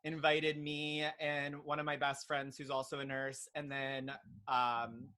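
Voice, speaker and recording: Bright-voiced earnest young man. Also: mid-range voice, completely flat delivery, measured pace. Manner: earnest, filler-heavy storytelling. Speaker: podcast guest, pediatric nurse. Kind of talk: casual interview chat.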